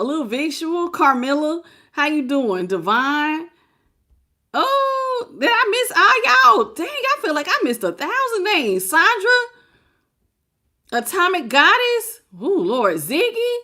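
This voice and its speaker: A woman's voice: extremely high pitch, wildly swooping pitch, slow pace, pushed and bright. A woman giving a live tarot reading, talking casually with her viewers, greeting them by name and laughing often. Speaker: tarot reader.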